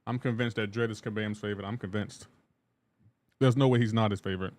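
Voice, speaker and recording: A man's voice: on the low side, steady tone, fast talker, a little mellow. A man streaming a game live, chatting casually and greeting his viewers one by one in an upbeat, talkative way. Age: adult with a child.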